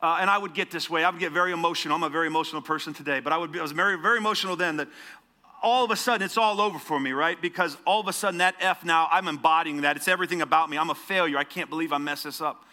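A man's voice: a little high, racing, sharp tone. A man preaching a sermon in a conversational way, asking the congregation rhetorical questions. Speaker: pastor.

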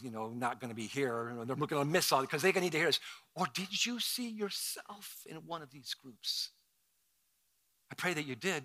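A man with a high, very bright, forceful voice delivers a church sermon. He drops to a near-hush for intimate moments, then climbs into loud, ringing preaching. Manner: swings from hushed intimacy to shouted preaching. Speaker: pastor. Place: church with several campuses.

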